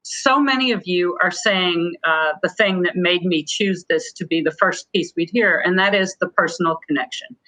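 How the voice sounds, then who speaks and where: A woman presenting a student contest in a webinar, explaining in a warm, encouraging way. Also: fairly low pitch, moderate pace, few pauses, rough recording.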